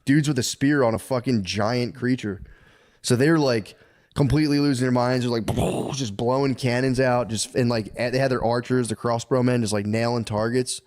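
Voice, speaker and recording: At a moderate pace and in a steady, mid-range, slightly mellow voice, a male podcast co-host recounts a bit of history. It's a rambling, profane, funny telling, with him performing the characters amid laughter.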